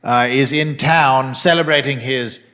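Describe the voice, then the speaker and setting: A man's voice: mid-range voice, fairly even intonation, measured pace, pushed and bright. A man hosting an improvised comedy sketch, playing a bossy, theatrical scheming boss. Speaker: host.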